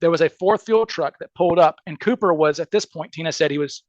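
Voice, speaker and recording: A man telling a story in casual podcast chat, animated and chatty, acting out the people he quotes with lots of "like" and quick restarts. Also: on the high side, no echo, muffled recording. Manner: animated, acts out quoted people with shifting voices.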